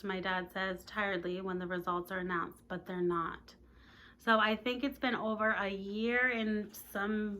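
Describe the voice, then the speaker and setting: A woman's voice: mid-range voice, pushed and bright, slight background noise. A woman, a teacher, reading a novel aloud and breaking off for chatty asides to her listeners.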